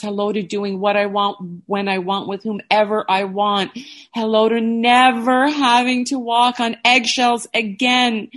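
A middle-aged woman who vlogs, reading a personal letter aloud and speaking to her viewers in a halting, emotional way. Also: medium pitch. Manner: emotional, halting, soft-spoken. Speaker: vlogger.

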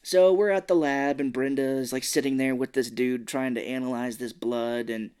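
A man's voice: medium pitch, fairly even intonation, moderate pace, a little mellow, clean tone. A man co-hosting a podcast, casually recapping a movie scene by scene and acting out the characters' lines with plenty of swearing. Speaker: podcast co-host.

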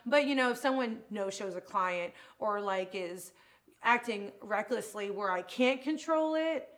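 Brief: a woman guest, a salon owner, heartfelt and rambling, mid-pitched everyday voice. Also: animated, unhurried, fairly bright tone. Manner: emotional, rambling, many restarts. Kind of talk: casual interview chat.

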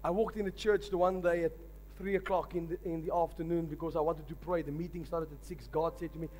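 A man's voice: a little high, fairly even intonation, fast talker, darkish tone, slight background noise. A man preaching a sermon, telling stories with emphatic delivery. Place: large church hall. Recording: long hall reverb with faint music.

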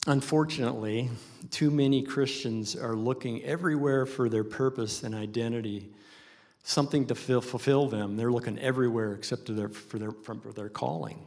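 A man's voice: mid-range voice, fairly even intonation, normal speed, a little mellow. Earnest male pastor preaching. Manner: earnest, emphatic preaching with repetition. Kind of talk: sermon.

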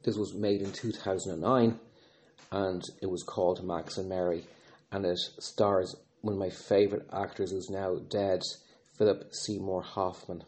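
A man speaking as a podcast host and father in an earnest, reflective monologue, often pausing, restarting and using fillers. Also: low voice, steady tone, darkish tone.

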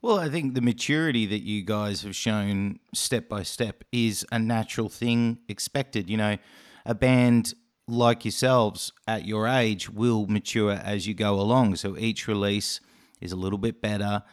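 A man's voice: fairly low pitch, measured pace. A man with an Australian accent, hosting a casual podcast interview and asking rambling, friendly questions. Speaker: podcast host.

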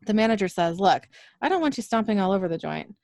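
A woman's voice: medium pitch, big pitch swings, creaky, a little mellow, no room sound. Woman recapping scenes in a dry room. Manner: narrates scenes briskly, laughs often. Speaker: podcast co-host recapping episodes. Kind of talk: casual recap with read-out dialogue.

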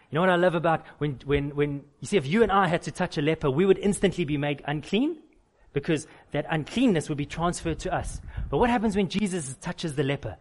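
A man delivering a sermon in a slightly high voice. He swings between loud, urgent appeals and soft, hushed promises. He leans on repetition to drive each point home. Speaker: pastor.

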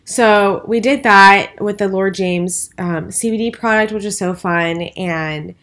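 A woman's voice: mid-range voice, a little slow, fairly bright tone. A tired, stressed woman co-hosting a casual podcast, talking in a rambling, hesitant way with lots of fillers. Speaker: podcast co-host. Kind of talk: casual chat.

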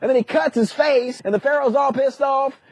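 A man telling a profane, sarcastic comic retelling, full of dude-speak and quick put-on voices. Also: very high-pitched, no room sound. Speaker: comedic storyteller. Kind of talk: crude comedic retelling.

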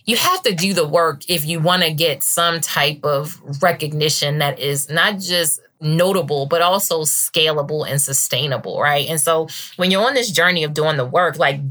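A woman from Baltimore, a journalist, answering interview questions in expressive, animated storytelling. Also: low-pitched. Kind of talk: conversational interview.

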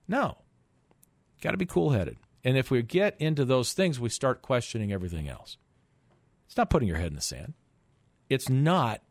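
A middle-aged man hosts a finance call-in radio show from a studio, delivering an emphatic monologue full of rhetorical questions and stumbling repeats. His voice is mid-range, and the recording is dry.

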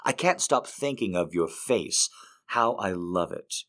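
Man reading poems aloud, expressive and musical. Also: sits low, unhurried. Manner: expressive reader, swings between lifted and hushed phrases. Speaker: host. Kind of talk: poetry reading.

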